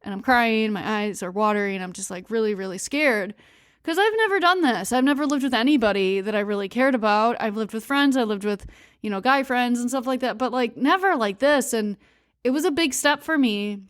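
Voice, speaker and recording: A woman's voice: a little high, brisk, no room sound, clean studio sound. A young adult woman hosting a podcast, telling a personal story candidly and confessionally, laughing between words. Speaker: podcast host.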